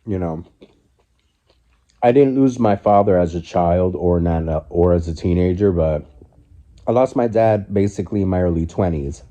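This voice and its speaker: He's a vlogger in his forties, recording a casual mukbang on his phone from the living room couch as he eats. The voice is low-pitched and mellow at a moderate pace, and his talk is reflective and candid, full of loose restarts.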